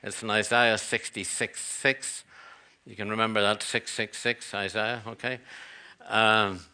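A man's voice: fairly low pitch, little pitch movement, unhurried, bright, forceful tone, clear, resonant tone. A middle-aged man, a pastor preaching a sermon in a church, earnest and repetitive, with chatty asides.

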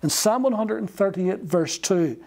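Man, preacher, high pitch, mellow tone, slow and emphatic sermon delivery. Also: animated, gravelly.

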